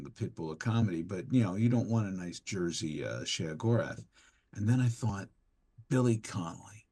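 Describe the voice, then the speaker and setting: A man, a guest voice actor, telling animated, theatrical anecdotes in an interview. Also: fairly low pitch, slightly rough. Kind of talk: interview storytelling.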